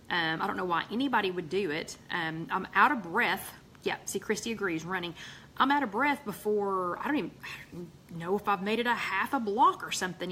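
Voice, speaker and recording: A woman's voice: mid-range voice, a bit bright, slight background noise. A woman hosting a casual livestream chat, rambling with many ums and reading out viewer comments. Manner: chatty, rambling, with many ums and quick asides. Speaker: host of a weekly weight-loss livestream chat.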